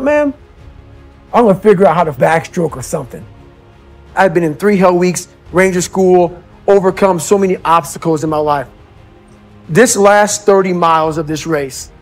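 A man giving a blunt motivational talk, moving between low, brooding passages and loud, fired-up bursts, as a compilation of clips with music underneath. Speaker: motivational speaker. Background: motivational background music.

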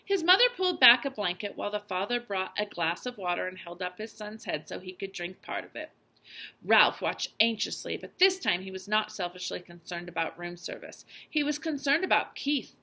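Teacher reading a kids' book aloud, woman, bright, slightly gravelly voice. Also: medium pitch. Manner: clear, expressive storytelling.

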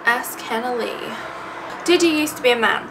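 Young english girl doing a q&a vlog, bit higher voice, croaky, sounds far from the mic with noise behind. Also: moderate pace, a bit bright. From England. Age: 20s. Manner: chatty, sarcastic, self-deprecating. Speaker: YouTuber. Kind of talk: casual vlog Q&A. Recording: distant mic with background noise.

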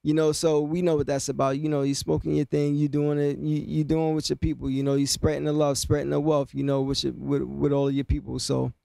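A man's voice: on the high side, flat delivery, fairly quick, gravelly, hardly any pauses, mellow, no echo. A man casually explaining rap lyrics, half-rapping the lines and then talking them through with lots of "you know what I mean.". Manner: loose, conversational, many fillers like "you know what I mean".

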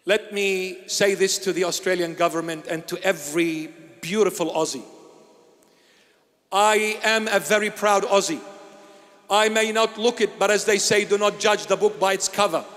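High-voiced emphatic bishop. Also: male voice, steady tone, big-room sound. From Iraq. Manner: emphatic, deliberate declaiming, rising to shouts. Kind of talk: sermon-style address.

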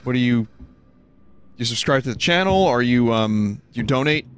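A man's voice: mid-range voice, expressive, normal speed, a bit bright, smooth, close to an everyday voice. A man voicing a flustered male customer support agent, who is polite but baffled by a caller.

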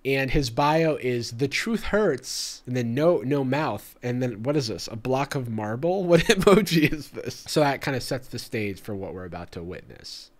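A man's voice: mid-range voice, animated, moderate pace, few pauses. A young man hosting a comedic reaction commentary, sarcastic and laughing often. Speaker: YouTube host.

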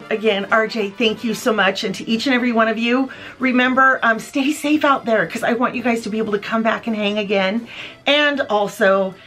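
A woman's voice: fairly high pitch, fairly bright tone. A woman hosting her own vlog, gushing in a bubbly, chatty way as she talks straight to her viewers and shows off a favorite item at home. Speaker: vlog host. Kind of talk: casual product show-and-tell vlog.

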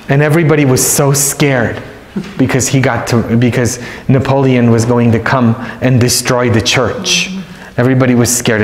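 A priest giving a retreat sermon, telling stories and repeating phrases for emphasis. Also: male voice, on the high side. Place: large church. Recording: echoey church hall.

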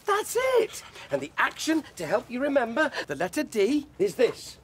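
A man's voice: very high-pitched, very animated, normal speed, fairly bright tone, slight background noise, heavily acted. An older man playing a grandfather who cheerfully coaches his dog through letter sounds. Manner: cheery, encouraging teacherly tone. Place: outdoors in a garden and indoors at home.

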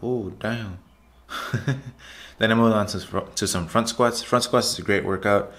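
A man's voice: lowish voice, moderate pace, a bit bright. A man narrating his workout footage as a casual vlog voiceover, chatty and repetitive, often calling out to his viewers. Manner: loose, repetitive, chatty, says "guys" often. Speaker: fitness vlogger.

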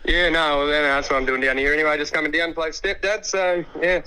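A man, calm and easygoing on a phone call. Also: on the high side, quick pace, smooth. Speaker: prank call target. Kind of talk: phone conversation.

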